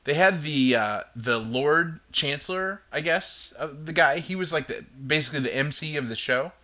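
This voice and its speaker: Male host, chatty and loose, with a very bright tone. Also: fairly high pitch, normal speed. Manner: chatty, rambling storytelling. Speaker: podcast host. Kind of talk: casual chat.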